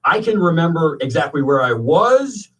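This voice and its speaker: 50s guy from atlanta hosting radio, bouncy pitch, kinda far from the mic. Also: very animated, normal speed. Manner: enthusiastic, repetitive praise. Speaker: radio host. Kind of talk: radio interview chat.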